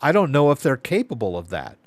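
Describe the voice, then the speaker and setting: A man's voice: medium pitch, huge pitch swings, brisk, no echo. A man hosting a live Q&A stream, telling a rambling story with exasperated asides. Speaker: live Q&A host. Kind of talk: casual live-stream chat.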